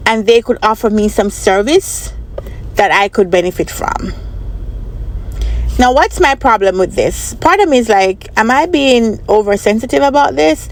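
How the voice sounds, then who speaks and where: Woman vlogger, casual storytelling, chatty and repetitive, slightly high voice. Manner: chatty, repeats herself, asks the viewer for opinions. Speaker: vlogger and business analyst trainer.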